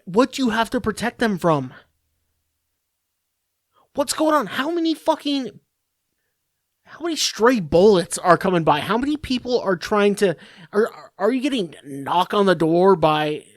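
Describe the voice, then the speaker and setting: A man hosting a podcast, ranting alone in a profane, exasperated way with halting restarts. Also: sits high, expressive, no room sound, studio quality. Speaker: podcast host. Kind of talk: solo comedic rant.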